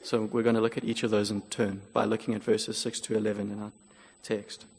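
A man preaching a sermon, explaining scripture in a measured, earnest way. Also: lowish voice, level tone, slightly rough. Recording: long hall reverb.

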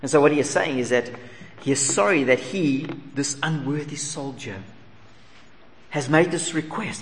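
A man preaching a sermon, earnest and questioning, sometimes dropping to a soft, humble plea. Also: on the high side, normal speed. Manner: earnest preaching, rhetorical questions, voicing humble pleas softly. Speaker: pastor. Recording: long reverb in a large hall, faint ambience.

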